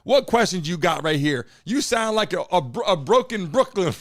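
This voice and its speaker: A man hosting a live streamed talk show, brash and profane, a little hoarse as he talks to his chat. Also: high-pitched, animated, normal speed, a bit bright. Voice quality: a bit hoarse, froggy. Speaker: host of a live call-in show.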